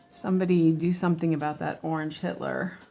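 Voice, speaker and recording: A woman chatting casually as she stitches, answering viewers and muttering quietly to herself as she works. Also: sits low. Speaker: cross-stitch designer and streamer.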